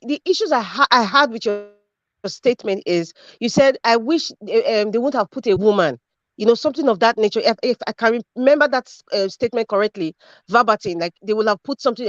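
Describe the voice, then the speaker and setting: A woman's voice: a little high, fairly bright tone, no room sound, muffled recording. A woman calling into a radio show, responding firmly and formally. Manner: firm, formal, insists on responding. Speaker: caller.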